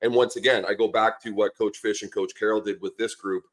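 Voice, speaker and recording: Easygoing middle-aged Canadian man, low voice. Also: steady tone, a little fast. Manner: easygoing, rambling storyteller with many fillers and restarts. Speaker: podcast guest, former lineman and coach. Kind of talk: casual podcast chat.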